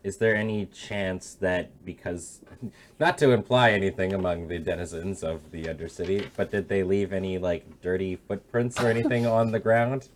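A man's voice: deep voice, steady tone, normal speed, a little hiss or hum. A laid-back man chatting as a tabletop game player. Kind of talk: casual tabletop play.

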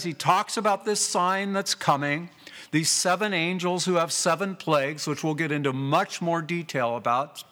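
A man preaching a sermon as pastor, emphatic and deliberate, repeating phrases for weight. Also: fairly high pitch, bright, forceful tone. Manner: slow and deliberate, drawn-out phrases.

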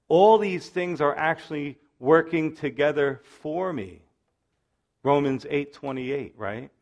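A male pastor teaching verse by verse through a Bible passage, with an animated manner and playful asides that act out the characters' lines. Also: fairly high pitch.

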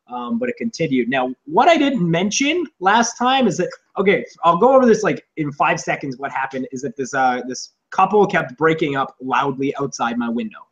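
A man co-hosting a podcast, chatting casually in a rambling, profane way and acting out loud shouted quotes. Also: on the high side, lo-fi sound. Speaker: podcast co-host. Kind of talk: casual comedic chat. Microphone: on camera, seated.

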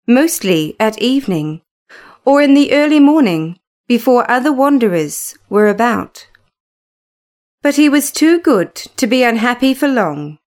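A woman reading a classic novel aloud as narrator, in an unhurried, measured storytelling manner. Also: on the high side.

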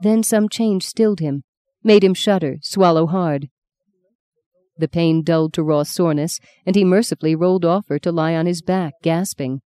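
A woman narrating an audiobook in a steady, measured storytelling voice, close to the mic. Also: fairly low pitch, clear, resonant tone, no room sound. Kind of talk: scripted narration.

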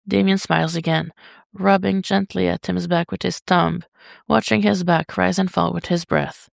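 Woman reading a story, super gravelly voice, slow, dry close sound. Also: lowish voice, no room sound. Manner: steady, unhurried reading. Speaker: podfic reader. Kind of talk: slow fiction narration.

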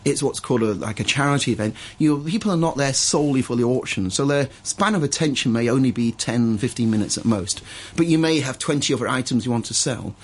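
A man who works as an auctioneer, chatting as a guest on a radio show and breaking into a fast rhythmic bid-calling chant. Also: medium pitch. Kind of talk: radio studio chat with live auction chant. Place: radio studio.

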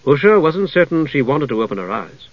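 A man narrating a fantasy audiobook in a measured storytelling manner. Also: on the high side, sing-song, dry recording. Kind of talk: scripted narration. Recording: dull lo-fi dry recording.

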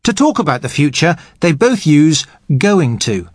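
A man's voice: a little high, big pitch swings, no room sound, clean studio sound. Patient man teaching English grammar. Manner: patient, measured. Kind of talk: explaining grammar to learners.

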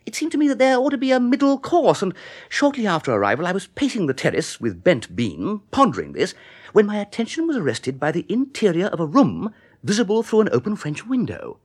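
An actor playing a genial, flustered young upper-class gentleman who narrates and stammers in a radio play. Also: high-pitched, wildly swooping pitch, brisk, breathy edge, exaggerated voice. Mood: wry.

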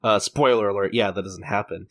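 A man co-hosting a podcast, recapping a manga chapter in casual chat and jumping into high, quoted character voices as he retells the scenes. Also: fairly even intonation, fairly quick, creaky, fairly bright tone. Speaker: podcast co-host.

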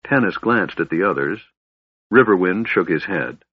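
A man narrating a fantasy audiobook in a measured storytelling manner. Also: sits low, lively intonation, breathy edge, dull audio.

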